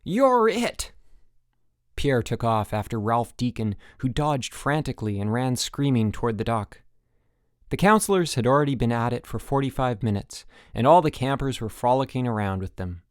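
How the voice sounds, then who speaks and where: A man narrating an audiobook in lively storytelling narration. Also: medium pitch, normal speed, clear, resonant tone, no room sound, studio quality. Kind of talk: scripted narration.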